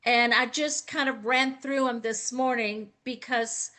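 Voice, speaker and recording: A woman's voice: fairly high pitch, fairly even intonation, unhurried, pushed and bright. A woman with a Southern American accent, speaking as a guest on a video call panel, gracious and effusive, with a drawl. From Southern United States. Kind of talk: slow, folksy online panel talk.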